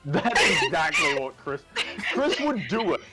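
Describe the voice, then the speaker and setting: A young man co-hosting a casual podcast, throwing out deadpan jokes. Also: very high-pitched, measured pace, over music. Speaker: podcast co-host. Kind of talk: casual chat.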